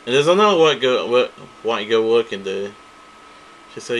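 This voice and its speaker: A man's voice: mid-range voice, expressive, normal speed, a bit bright, a little hiss or hum, poor audio. A man ranting angrily to camera, profane and repetitive, circling back to the same complaints. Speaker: vlogger. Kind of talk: angry ranting monologue to camera.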